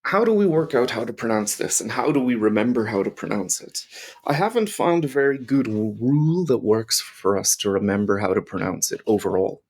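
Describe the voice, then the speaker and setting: A man's voice: mid-range voice, lively intonation, a little fast, darkish tone, breathy edge. A man teaching pronunciation to learners, patiently explaining and modelling each sound. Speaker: language teacher.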